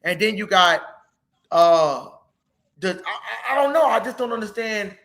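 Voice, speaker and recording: A man's voice: high-pitched, lively intonation, a little slow, a crowd in the background. A man ranting heatedly about football in a casual sports talk, profane and emotional. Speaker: co-host.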